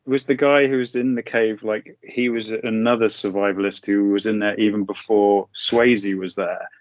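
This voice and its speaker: A man's voice: on the low side, flat delivery, normal speed, lo-fi sound. A man co-hosting a podcast who drops in brief questions during a casual chat. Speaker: podcast co-host.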